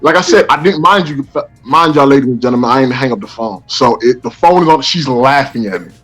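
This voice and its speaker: A man's voice: mid-range voice, brisk, breathy edge, soft background music. A man from the Bay Area, a guest rapper, telling stories animatedly and acting out the voices. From San Francisco Bay Area. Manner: animated, acts out quoted voices. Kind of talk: casual interview storytelling.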